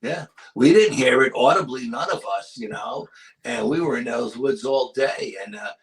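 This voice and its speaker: Gravelly New York man telling a ghost story. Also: medium pitch, moderate pace. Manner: animated storyteller, acts out quotes with whispers. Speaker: paranormal and cryptid investigator, guest. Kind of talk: casual storytelling interview.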